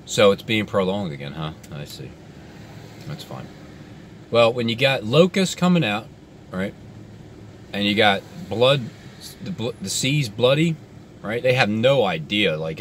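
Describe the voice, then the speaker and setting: A man commentating in a sarcastic vlog, mocking doomsday alarm with exaggerated outbursts and low muttered asides. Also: fairly bright tone, a little hiss or hum. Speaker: video commentator.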